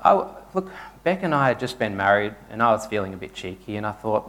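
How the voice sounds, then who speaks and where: A man's voice: on the low side, lively intonation, normal speed, fairly bright tone. A man, a pastor giving a conversational sermon and telling stories to his congregation in a church. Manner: conversational storytelling preacher.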